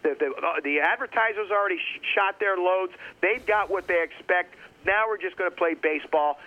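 Man, fairly high voice, bright, opinionated sports talk guest, dull lo-fi radio sound. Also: normal speed. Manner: opinionated, animated, rambling with restarts. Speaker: guest commentator, university teacher.

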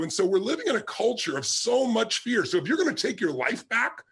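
Telling stories and punching key words, a middle-aged man delivers an emphatic motivational talk to his audience. He is a motivational speaker whose high-pitched voice sounds creaky and a bit bright, with a breathy edge.

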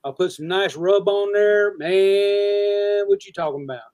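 High-voiced rambling man. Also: measured pace, a little mellow. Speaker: fishing and cooking show host. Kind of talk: casual podcast chat.

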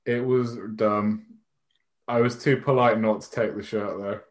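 Low-voiced, self-mocking podcast co-host. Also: male voice, steady tone, unhurried. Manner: rambling, self-mocking, swears and laughs. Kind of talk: casual chat.

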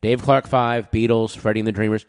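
A man in a casual chat, rambling through stories with quick asides, his throat dry so he keeps clearing it. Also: on the low side, level tone. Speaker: podcast guest.

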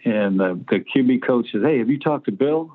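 A man's voice: medium pitch, expressive, moderate pace. A man in his sixties, a guest on an interview show, telling stories in a blunt, profane way. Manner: blunt, profane anecdotes with acted-out quotes. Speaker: guest, former pro quarterback. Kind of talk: storytelling interview. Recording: phone-like line.

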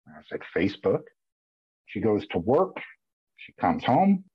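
Husky-voiced man telling his story. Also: fairly low pitch, moderate pace, dry recording. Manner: emotional, animated retelling with repeated restarts. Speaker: podcast guest. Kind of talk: candid conversational storytelling. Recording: dull lo-fi audio.

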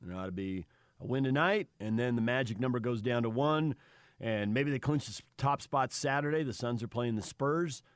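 A man's voice: mid-range voice, moderate pace, clean tone, no echo, studio quality. Man co-hosting sports talk radio.

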